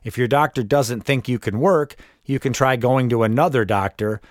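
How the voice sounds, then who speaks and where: A man's voice: mid-range voice, normal speed, no echo, studio quality. A man narrating his own memoir in the first person, wry and matter-of-fact as he tells it.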